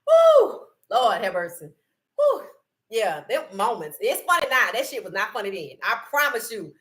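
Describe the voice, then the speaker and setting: A woman chats on her live sports stream. Her bright voice swings widely in pitch, and she laughs often as she greets viewers by name. She talks in a relaxed, casual way. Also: a little fast. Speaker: livestream sports host.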